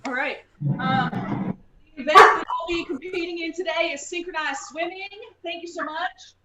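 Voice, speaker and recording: A woman playing an improv party game over a video call, giving playful deadpan answers. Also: very high-pitched, moderate pace, very noisy. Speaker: game show contestant.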